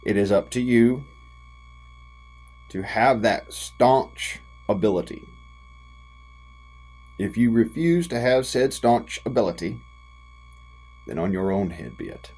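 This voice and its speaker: A man's voice: mid-range voice, lively intonation, a little mellow, rough recording. Profane folksy man ranting. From United States. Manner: folksy and profane, drawn-out emphatic phrasing. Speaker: vlogger. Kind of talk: impassioned direct-to-camera rant.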